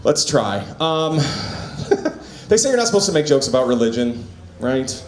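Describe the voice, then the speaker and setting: At a small comedy bar, a stand-up comic works through an open-mic set on a handheld mic, relaxed and chuckling at his own material. He speaks briskly at medium pitch in a sing-song way. The room sounds echoey, with soft music in the background.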